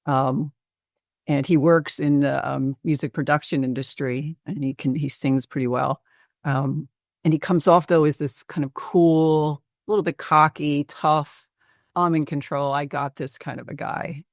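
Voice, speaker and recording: A woman physician presenting a patient case in a webinar interview, speaking hesitantly with many pauses and fillers. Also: deep voice, steady tone, no echo, studio quality.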